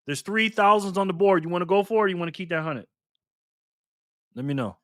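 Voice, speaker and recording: A man's voice: high-pitched, quick pace, fairly bright tone, dry recording, clean studio sound. A man hosting a live stream in a casual chat style, reading viewer comments aloud, laughing often and cheering on players. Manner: laughs often, loose and playful.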